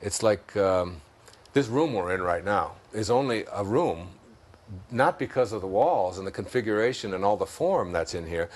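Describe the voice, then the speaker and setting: A man's voice: lowish voice, expressive, normal speed. A man with a Detroit accent, a guest in an interview, talking in an expansive, storytelling way and laughing at his own jokes. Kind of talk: reflective spiritual interview talk.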